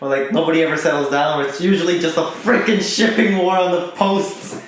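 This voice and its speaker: A man's voice: on the high side, fairly quick, a little hiss or hum. A man chatting casually about a show, stumbling over his words and laughing along. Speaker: podcast co-host. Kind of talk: casual anime review chat. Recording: echoey room.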